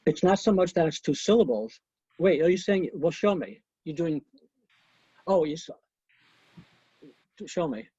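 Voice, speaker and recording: A man's voice: fairly high pitch, expressive, a little slow, long pauses, warm tone, slightly rough, no room sound. A man teaching an online conducting class over a video call, coaching students and counting beats aloud, with chatty asides. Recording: muffled lo-fi video call audio.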